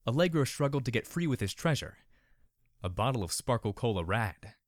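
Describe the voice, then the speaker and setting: A man narrating a story in a measured, expressive manner. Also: medium pitch, dry recording, studio quality.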